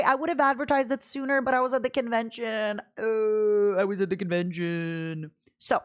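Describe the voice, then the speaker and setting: A woman's voice: medium pitch, moderate pace. Young female streamer, bubbly, chatty, talks straight to her viewers. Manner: bubbly, talks to chat, jumps from topic to topic. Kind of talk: casual livestream chat.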